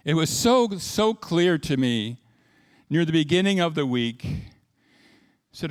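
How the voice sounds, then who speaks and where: A man's voice: on the high side, big pitch swings, unhurried, long pauses, smooth, no echo, clean studio sound. A middle-aged male pastor preaching a sermon in a folksy, conversational way, repeating words and talking straight to the congregation.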